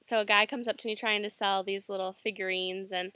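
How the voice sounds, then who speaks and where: A woman's voice: mid-range voice, steady tone, a little fast, pushed and bright, no room sound. A young American woman casually telling a personal story, chatty and full of fillers. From United States. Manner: chatty, many fillers and "like"s, laughs often. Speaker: student sharing a reflection.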